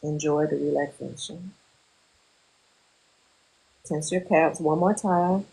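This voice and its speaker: A woman therapist leading a group through a guided muscle relaxation exercise, giving slow, calm instructions with pauses. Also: low voice, gravelly, low-quality recording.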